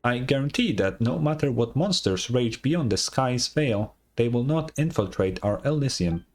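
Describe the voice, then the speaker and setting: A man voicing a gentle female announcement system in a game fan dub, speaking in a measured, polite manner. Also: mid-range voice, expressive, close to an everyday voice. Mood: reassuring.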